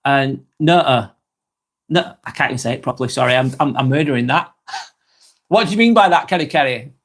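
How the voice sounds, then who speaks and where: A man's voice: mid-range voice, animated, fast talker, fairly bright tone. A man hosting a live stream, reading viewers' comments aloud and chatting back in a casual, rambling way. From England.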